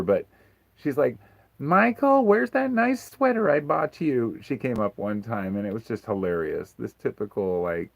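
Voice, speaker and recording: Man, very low voice, dry sound, frank rambling livestream host. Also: creaky, darkish tone, no echo, poor audio. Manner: frank, rambling, swears freely. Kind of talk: casual livestream Q&A chat.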